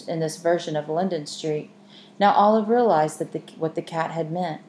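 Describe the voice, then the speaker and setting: Low-voiced woman narrating a storybook. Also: dark tone. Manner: measured, storytelling. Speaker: audiobook narrator. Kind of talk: scripted narration. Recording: echoey room, faint hiss.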